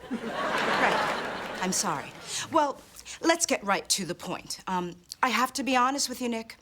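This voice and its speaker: A prim, pedantic publicist. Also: female voice, on the high side, expressive, unhurried, fairly bright tone. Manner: pedantic, clipped and conspiratorial. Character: prim fussy female publicist, secretive fixer. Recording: sitcom soundtrack with audience laughter.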